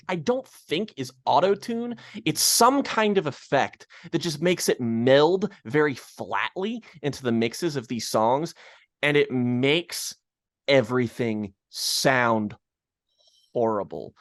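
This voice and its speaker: A man's voice: fairly high pitch, no echo. A man from Kentucky co-hosting a music podcast, ranting in casual chat, swearing freely and stumbling over restarts. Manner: ranting, profane, full of restarts and stammers. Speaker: podcast co-host.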